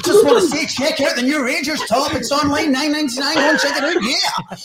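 A man doing a drunk mate's voice, pitched well up and breezy. It sounds like a cheeky ad read by someone who has had a few. The delivery is loose and jokey. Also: brisk, over a noisy crowd. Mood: mock-drunk. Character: drunk man plugging a football shirt.

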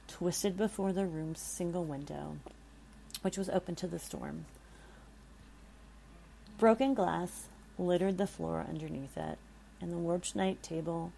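A woman's voice: fairly low pitch, gravelly, mellow, slight background noise, low-quality recording. A woman reading a scary story aloud in a dramatic way, stopping for nervous asides to her listeners.

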